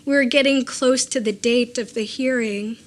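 A woman with a somewhat high-pitched voice reads her own personal essay aloud to listeners. Her delivery is measured and deliberate, and she drops in dry, offhand asides between the passages. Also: steady tone. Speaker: author reading her own memoir. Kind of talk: live reading of a personal essay.

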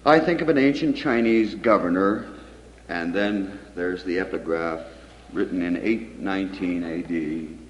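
A man reading poetry with slow, rambling asides and self-interrupting jokes, his voice at a middle pitch. He is heard from far off in a long-echoing hall. The old recording is dull and lo-fi with a faint hiss underneath. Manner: rambling, joking, digressive, stumbling restarts. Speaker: poet giving a reading.

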